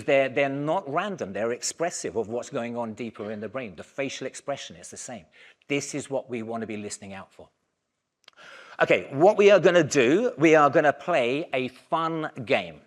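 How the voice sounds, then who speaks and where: A man giving a conference keynote, talking in a lively, conversational way and raising his voice to give the audience instructions. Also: medium pitch, normal speed. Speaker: keynote speaker.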